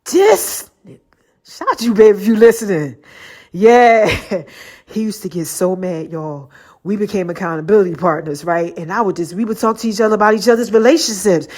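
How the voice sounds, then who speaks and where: A woman's voice: medium pitch, animated, fairly quick, darkish tone. A woman podcast host telling a faith testimony in a casual, slangy way, acting out the voices of people she quotes and laughing often. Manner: laughs often while talking.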